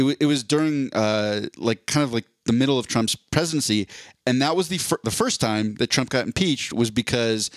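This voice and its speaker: A man's voice: medium pitch, no echo, clean studio sound. A man co-hosting a casual podcast chat, rambling and restarting as he explains things at length. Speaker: podcast co-host.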